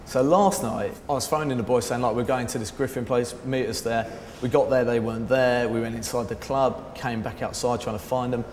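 A man's voice: fairly even intonation, a little fast, hardly any pauses, darkish tone. Man, casual rambling anecdote, lots of "like", swears freely, echoey space, faint background hum. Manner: raises his pitch sharply to act out quoted people. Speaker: artist telling a story. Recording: echoey room with long reverb.

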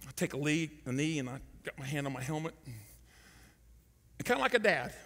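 Animated preacher with a high, lively voice. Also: male voice, moderate pace, long reverb tail. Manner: animated, acts out shouted quotes. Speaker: pastor. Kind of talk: sermon storytelling. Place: large church hall.

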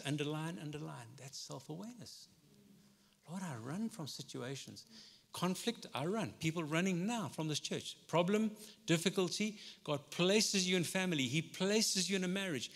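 A man preaching a sermon as pastor in a conversational way, swinging between loud and soft passages. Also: a little high, animated, normal speed, vocal fry. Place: church hall. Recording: long hall reverb.

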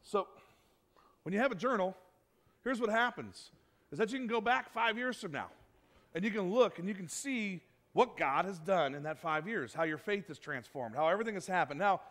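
Guy pastor preaching in church, pretty high voice, chatty and lively, acts out little quotes. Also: moderate pace. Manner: conversational, animated preaching with acted-out quotes. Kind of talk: sermon.

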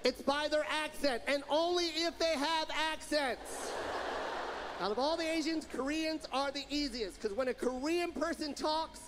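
High-voiced energetic stand-up comedian. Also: male voice, measured pace. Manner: energetic, shouting punchlines, laughing. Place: comedy stage. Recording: noisy stage recording with crowd.

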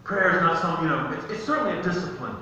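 High-voiced preaching man in echoey hall. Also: lively intonation, quick pace, a crowd in the background. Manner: conversational preaching with personal stories, rising to emphatic peaks. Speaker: pastor. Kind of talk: sermon. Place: church sanctuary. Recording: echoey church hall, distant mic, slightly dull.

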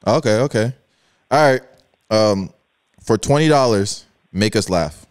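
Man, podcast co-host, lowish voice, dry close sound, laid-back. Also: animated, measured pace, smooth, no echo. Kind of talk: casual comedic chat and ad read.

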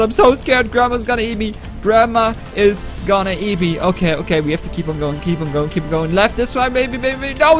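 Brief: high-pitched male gaming YouTuber, frantic stammering play-by-play. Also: fairly bright tone. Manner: panicky and stammering. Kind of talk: gameplay commentary.

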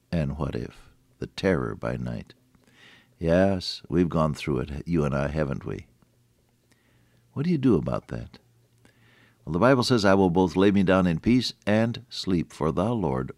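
A man's voice: low-pitched, no room sound, studio quality. Older man preaching a folksy radio sermon. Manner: folksy, chuckling, many restarts.

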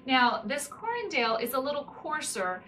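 Bright middle-aged woman walking you through a craft demo step by step, mic a bit far off. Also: sits high, very animated, normal speed. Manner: explains step by step while demonstrating. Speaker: spinning instructor. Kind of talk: hands-on craft demonstration. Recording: slightly distant mic with faint room noise.

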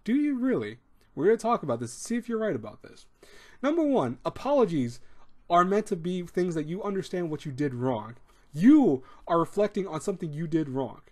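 A man's voice: high-pitched, big pitch swings, brisk, darkish tone. Rambling man giving casual advice. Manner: rambling, repeats words, acts out quoted speech. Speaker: advice show host. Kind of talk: casual advice talk to camera.

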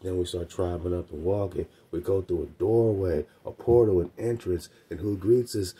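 A man's voice: sits low, fairly even intonation, moderate pace, dark tone, breathy edge. A man hosting a radio show, teaching about religion in casual slang, with emphatic repetition and laughing asides. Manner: slangy, emphatic, repeats phrases. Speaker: radio host.

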